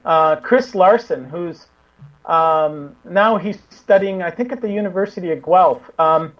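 A woman's voice: lowish voice, measured pace, lo-fi sound. A woman who investigates the paranormal, a guest in a casual interview, rambling with many restarts.

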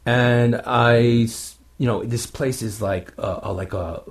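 A man's voice: medium pitch, slow. A man telling a ghost-hunting story in a rambling, casual way, full of fillers. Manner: rambling, many fillers, animated retelling. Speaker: guest paranormal investigator.

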